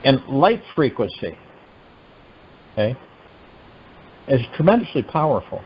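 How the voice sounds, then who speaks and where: A man hosting a meditation call, giving a spiritual teaching talk in an animated, musing way full of rhetorical questions. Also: medium pitch, a little slow, muffled recording, a little hiss or hum. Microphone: telephone conference line.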